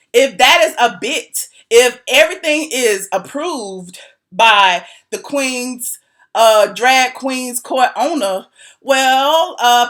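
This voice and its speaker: With a high-pitched, slightly bright voice, this Atlanta woman dishes gossip on her vlog. She's sassy and casual, saying things twice for emphasis and slipping in laughs between lines.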